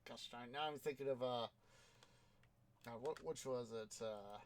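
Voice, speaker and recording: Slow, rambling Midwestern man gaming. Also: medium pitch, slight background noise. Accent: Midwestern American. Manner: rambling, halting, many fillers and self-talk; mild exclamations, counts items aloud. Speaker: Minecraft let's player. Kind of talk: casual solo gameplay commentary.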